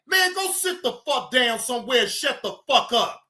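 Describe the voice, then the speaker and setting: A man hosting a live stream, ranting loudly and profanely at his audience, often shouting. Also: very high voice, big pitch swings, normal speed, hardly any pauses. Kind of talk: heated ranting commentary.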